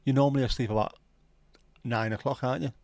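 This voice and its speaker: A man's voice: medium pitch, fairly even intonation, fast, darkish tone, dry recording. Sweary Scouse man rambling on stream. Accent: Scouse, South Liverpool. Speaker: livestream host. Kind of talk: casual livestream chat.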